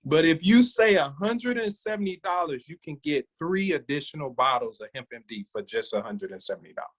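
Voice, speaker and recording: A man's voice: a little high, animated, fairly quick, low-quality recording. A man leading a sales training, coaching his team with energy and calling on listeners by name.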